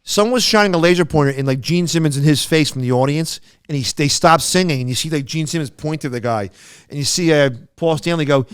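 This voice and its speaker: A middle-aged man co-hosting a podcast, telling stories in a casual, animated way with frequent restarts. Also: on the high side, quick pace, smooth, no room sound, studio quality. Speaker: podcast co-host. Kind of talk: casual chat.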